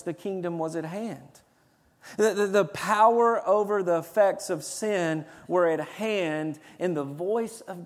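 A man's voice: high-pitched, in a large hall. A man preaching a sermon as pastor, building to emphatic bursts of conviction. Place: church sanctuary.

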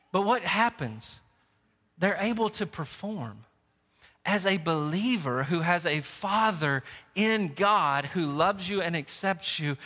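Middle-aged male pastor, sermon delivery, high bright voice, animated and conversational, long church-hall reverb. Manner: animated, conversational preaching with repeated words.

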